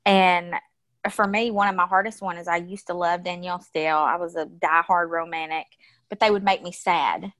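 A woman's voice: lowish voice, steady tone, moderate pace, a bit bright. A woman speaking as a podcast guest, blunt and outspoken, swearing freely in casual conversation. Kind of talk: casual interview chat.

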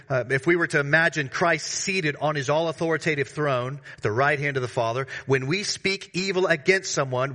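Male pastor, bright voice, emphatic sermon delivery with sudden bursts and slangy asides. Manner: emphatic preaching with sudden rises in pitch and volume.

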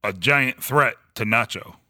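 A man's voice: mid-range voice, bright, forceful tone, dry recording, studio quality. A man hosting a podcast, casually recapping a TV episode in a laid-back, jokey way. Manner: laid-back, jokey, retells plot in quick summaries. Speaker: podcast host.

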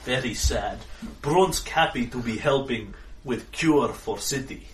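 A man doing a slow, simple-minded bouncer. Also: medium pitch, expressive, slight background noise, close to an everyday voice. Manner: slow, simple broken phrasing. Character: slow-witted male bouncer speaking broken English. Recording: echoey room, far from mic.

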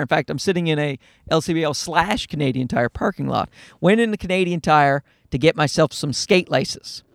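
Recorded alone in a car parked in a parking lot, a man hosts his podcast in a high-pitched, echo-free voice with studio quality. His casual monologue rambles through profane, self-mocking stories about fatherhood, delivered in an animated, self-deprecating way.

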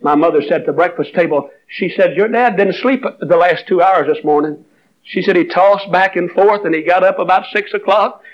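An older preacher with a drawl delivers a revival sermon in a high, ringing voice. He tells his stories plainly, then climbs into fervent exhortation. The recording is muffled and dull, like an old sermon tape. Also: normal speed. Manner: storytelling, rising into fervent high-pitched preaching.

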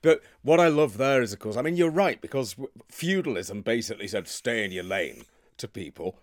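A man from the United Kingdom talks in a relaxed, rambling way, gathering momentum as one story leads into the next. He sits at a middle pitch, and the recording is dry and close with no room around him. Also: brisk, no echo. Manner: enthusiastic, digressive storyteller. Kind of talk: casual chat.

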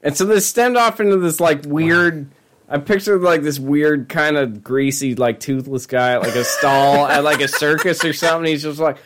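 A man's voice: a little high, moderate pace, a bit bright. An adult man, a father, co-hosting a casual podcast and telling stories bluntly. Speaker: podcast co-host. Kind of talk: casual chat.

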